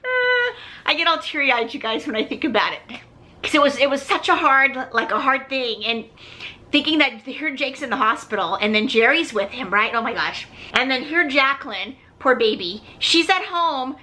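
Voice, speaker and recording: A woman's voice: high voice, animated, moderate pace, pushed and bright. A middle-aged woman hosting a vlog, telling a personal story in a chatty way and often turning to her viewers. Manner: chatty, keeps saying "you guys". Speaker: vlog host.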